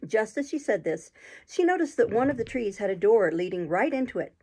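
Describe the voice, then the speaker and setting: Gentle woman reading a storybook aloud. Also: medium pitch, brisk, breathy edge. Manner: gentle, steady narration. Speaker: host reading a children's classic.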